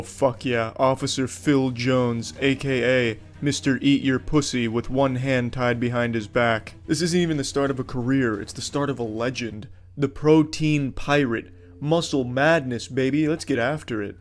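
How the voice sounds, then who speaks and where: A man giving comedic gameplay commentary in a crude, sarcastic, mock-heroic way. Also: mid-range voice. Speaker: gaming commentator.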